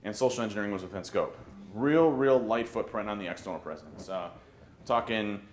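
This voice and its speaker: Man, conference speaker, animated, jokey, restarts sentences, echoey hall, faint ambience. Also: lowish voice, a little fast, slight background noise. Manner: animated, joking, frequent restarts. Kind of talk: conference talk.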